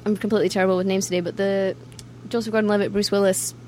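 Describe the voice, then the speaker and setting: A woman's voice: medium pitch, flat delivery, very fast, a little mellow, slight background noise. Chatty young Scottish woman. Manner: chatty, laughs often, acts out quoted voices. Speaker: band member guest. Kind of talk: casual interview chat.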